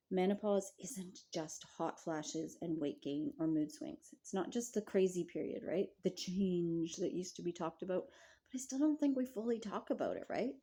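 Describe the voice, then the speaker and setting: A middle-aged woman, a wellness coach, talking reflectively to camera in a gentle, measured way with frequent rhetorical questions. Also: lowish voice.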